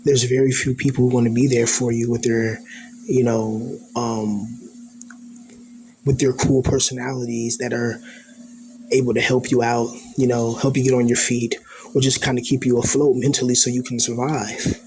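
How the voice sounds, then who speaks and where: A man's voice: mid-range voice, flat delivery, normal speed, a little mellow, slight background noise. A man in an earnest, introspective personal monologue, rambling and leaning on fillers like "you know" and "like".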